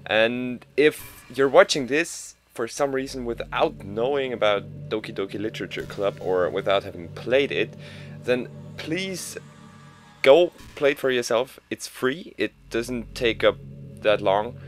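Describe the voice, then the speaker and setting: A man's voice: lowish voice, unhurried, faint music behind. A man giving casual commentary over a game playthrough, hesitant, with many fillers and restarts. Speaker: game player.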